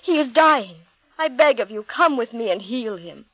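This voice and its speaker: A woman's voice: a little high, lively intonation, moderate pace, fairly bright tone, no room sound, rough recording. A woman reading the part of a desperate nobleman father begging for his son's life in a storybook reading. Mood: pleading. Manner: pleading, emphatic. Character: desperate pleading nobleman father, adult man.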